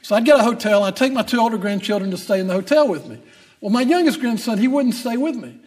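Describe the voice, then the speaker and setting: Preaching fast with lively intonation, an older Texas pastor speaks in a strikingly high yet darkish voice. A long, dryly funny personal story leads into scripture, and his emphasis builds as he drives the message home.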